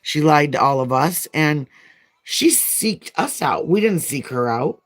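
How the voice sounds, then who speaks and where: A woman's voice: low-pitched, animated, a little slow. A woman chatting casually as a nail vlogger while she does her nails, telling a long, frank, rambling story.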